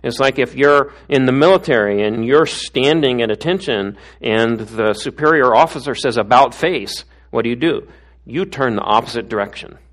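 A middle-aged man giving a conversational sermon as a pastor, often tossing in tag questions. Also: medium pitch.

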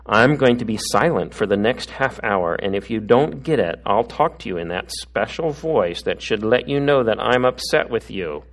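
A middle-aged man voicing a nagging prank GPS navigation voice with measured, deliberate delivery. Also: fairly low pitch, animated. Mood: deadpan.

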